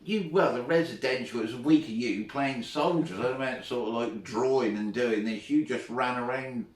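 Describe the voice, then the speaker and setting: A man's voice: medium pitch, normal speed. Chatty man telling stories. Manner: chatty, laughs often while telling anecdotes. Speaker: former teacher, guest. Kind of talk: casual storytelling. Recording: roomy, from far off the mic.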